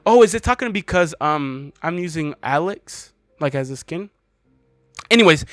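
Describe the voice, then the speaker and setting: Young male gamer host, high voice, bone-dry close mic, slangy and incredulous. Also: animated, moderate pace, a bit bright, no room sound. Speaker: gaming channel host. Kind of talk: casual gameplay commentary.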